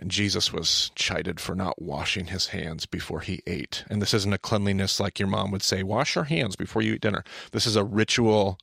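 A man's voice: on the low side, gravelly, a bit bright, no room sound, studio quality. A man hosting a podcast, explaining things in a casual teaching style, emphatic and often correcting himself mid-sentence.

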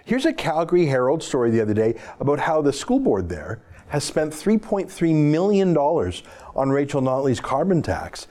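A man's voice: fairly high pitch, big pitch swings, moderate pace, dark tone. A man hosting an opinionated political monologue, talking in a sarcastic, mocking and emphatic way. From Canada. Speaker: political commentator host.

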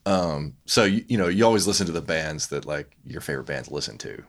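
Casual chat guest: man from South Louisiana, deep voice, profane and animated storyteller. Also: fairly quick.

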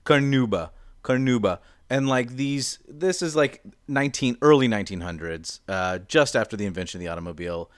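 A man's voice: mid-range voice, lively intonation, fairly quick, hardly any pauses, clean tone, no echo, studio quality. A young man in casual chat as podcast cohost, explaining with lots of fillers and restarts. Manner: rambling explainer, many fillers.

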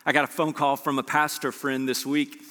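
A man preaching a sermon as pastor, animated and conversational with joking asides to his church. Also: medium pitch, normal speed. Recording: long reverb of a large hall.

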